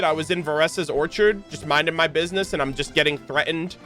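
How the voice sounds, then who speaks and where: A male streamer with a rather high voice reads game dialogue out loud and chats over it. He sounds playful, laughs often, and trips over words as he goes. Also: fast talker, faint music behind. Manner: playful, laughs and stumbles while reading. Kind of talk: reading game dialogue aloud with commentary.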